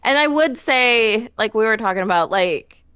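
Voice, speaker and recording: A woman's voice: on the high side, expressive, moderate pace, a bit bright, clean tone, dry recording, dull audio. A woman co-hosting a casual movie podcast, tossing in dry, teasing remarks and laughing along. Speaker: podcast co-host. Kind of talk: casual movie review chat.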